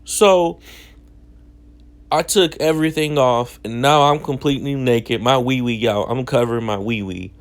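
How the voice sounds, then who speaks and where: A man's voice: medium pitch, normal speed, smooth. A young man casually telling a story from his childhood in slangy, self-mocking talk. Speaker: vlogger.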